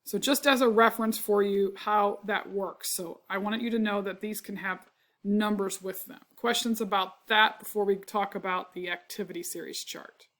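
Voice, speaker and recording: This chemistry lecturer, recorded while teaching, sounds congested and clears her throat a lot. Speaking at a moderate pace with fairly even intonation in a mid-range, slightly bright voice, she walks through each step, checks with "right?" and corrects slips.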